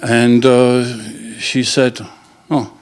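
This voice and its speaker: Slow-talking man telling jokes. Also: medium pitch, fairly even intonation, a little mellow. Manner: halting, with many fillers and restarts. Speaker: joke teller. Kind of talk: casual joke telling.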